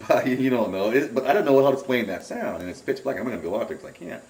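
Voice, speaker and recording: A man's voice: on the low side, expressive, very fast, darkish tone, roomy sound. A middle-aged man telling his own story in an interview, acting out his own alarmed, cursing exclamations. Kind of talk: animated first-person storytelling. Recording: voice picked up from a distance.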